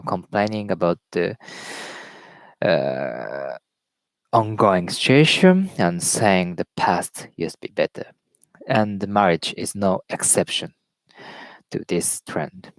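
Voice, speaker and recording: Man reading aloud haltingly in English. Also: lowish voice, no echo. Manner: reads aloud haltingly, repeats words, greets viewers. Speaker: live stream host. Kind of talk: casual reading and commentary.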